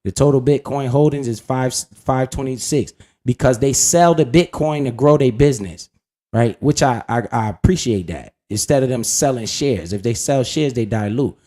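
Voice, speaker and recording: A middle-aged man talks through his investments in a relaxed vlog style. His speech is loose and colloquial, full of restarts and quick "right?" check-ins. His voice sits at an ordinary, middle pitch. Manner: conversational, repeats "right?" and restarts often. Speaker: finance video host.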